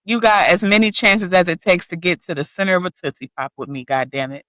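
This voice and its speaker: A woman's voice: lowish voice, quick pace, a bit bright, no echo, poor audio. A woman co-hosting a podcast in casual chat, making teasing interjections. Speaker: podcast co-host.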